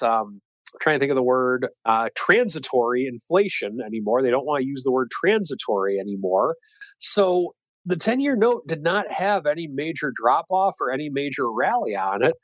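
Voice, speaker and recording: Male guest commentator, animated pitch, fairly high voice, thinks aloud with fillers, dry dull recording. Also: no room sound. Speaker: wealth manager guest. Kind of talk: casual market commentary.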